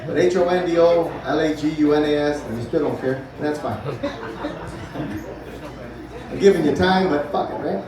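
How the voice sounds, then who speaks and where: A stand-up comic in his forties takes the comedy club stage for a loose, profane set, chatting with the crowd between bits. His fairly high voice moves at a measured pace and pauses often, captured from a distance in the echoey room as the audience laughs.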